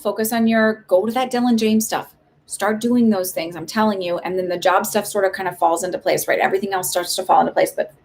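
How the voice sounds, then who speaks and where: A woman giving casual psychic readings on a live stream, chatty and reassuring, with many likes and ums. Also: mid-range voice.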